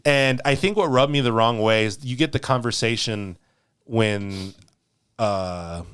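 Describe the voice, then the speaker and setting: A man's voice: mid-range voice, fairly bright tone, clear, resonant tone. Chatty laughing male podcast host. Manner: rambling, laughs often, acts out characters in quick asides. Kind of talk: casual chat.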